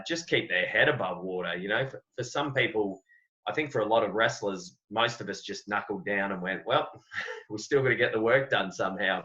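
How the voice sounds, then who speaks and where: Low, forceful Australian man. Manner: earnest, reflective, frequent word repeats. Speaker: wrestling coach, podcast guest. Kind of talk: podcast interview. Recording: dull lo-fi audio.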